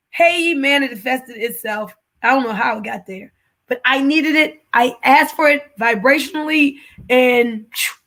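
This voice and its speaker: A woman host telling a personal testimony in casual talk, animated and emotional, her voice rising when she is moved. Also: sits high. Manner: animated, gets emotional, raises her voice at the peak of the story.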